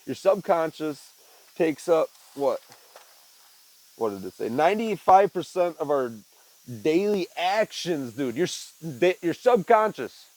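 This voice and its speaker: A man's voice: a little high, big pitch swings, unhurried, darkish tone, low-quality recording. A young man, a podcast host, talking in a rambling, reflective way and often saying "man" and "dude". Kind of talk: casual monologue.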